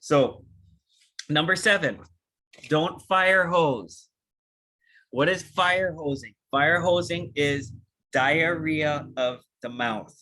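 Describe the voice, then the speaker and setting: A man giving an energetic, animated training talk on a video call, acting out short dialogues with big jumps in pitch. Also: takes it slowly. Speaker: network marketing trainer.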